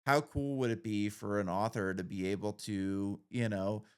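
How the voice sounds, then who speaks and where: In a casual interview chat, a male podcast host rambles with plenty of fillers and restarts. His voice is fairly low, clear, and resonant, with fairly even intonation at a normal speed.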